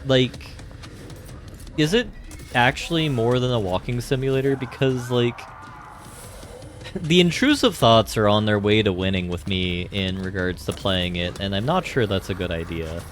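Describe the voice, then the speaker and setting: Talking at a normal speed in a fairly low voice, a male live streamer muses aimlessly over his game, leaning heavily on filler words. There's a slight hiss or hum in the recording.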